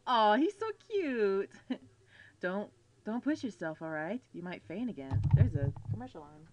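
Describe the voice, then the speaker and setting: A woman's voice: medium pitch, very animated, unhurried, a little mellow, highs cut off, a little hiss or hum. A woman playing a horror game on a desk mic, jumpy and easily scared, swearing a lot as she comments. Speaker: let's player.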